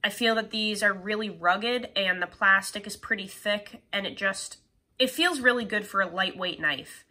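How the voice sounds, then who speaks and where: This is a young woman hosting a casual gear review vlog, her voice a bit nasal from a lingering cold. She sounds bright and forward, chatty and upbeat as she explains the details of what she's showing. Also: mid-range voice, normal speed. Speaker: knife reviewer.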